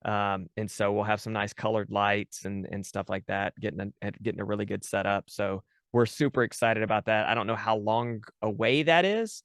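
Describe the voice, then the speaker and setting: A man's voice: on the low side, moderate pace, hardly any pauses, a bit bright, dry recording, studio quality. A man chatting casually as a guest, talking about running his tabletop game podcast, with many fillers and restarts. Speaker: podcast dungeon master, guest. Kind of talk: casual interview chat.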